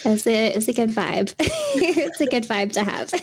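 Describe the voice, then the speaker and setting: A woman's voice: on the high side, huge pitch swings, a little slow, breathy edge, dry recording. A young woman co-hosting a podcast, chatting casually with frequent laughs and fillers. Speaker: podcast co-host.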